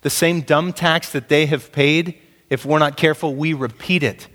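A man's voice: fairly high pitch, steady tone, moderate pace, a bit bright, long reverb tail. A man preaching a sermon as pastor, emphatic and punchy, asking his listeners rhetorical questions.

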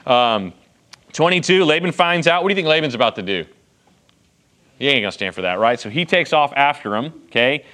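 A man's voice: medium pitch, animated, brisk, pushed and bright. Casual man teaching a Bible passage. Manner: casual, checks in with frequent "okay" and "right". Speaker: pastor teaching a Bible study.

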